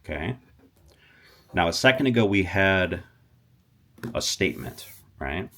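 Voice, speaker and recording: A man teaching a casual language lesson, animated, talking straight to viewers and often stopping to restart. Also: low voice, unhurried. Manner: animated, talks to viewers, stops and restarts a lot. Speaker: Spanish teacher.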